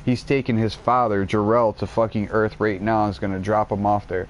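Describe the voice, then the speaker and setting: A man streaming a game, rambling in casual chat and retelling a show in an excitable, foul-mouthed, slang-heavy way. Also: on the low side, fairly quick, a little hiss or hum. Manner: profanity-laden, excitable storytelling, heavy slang.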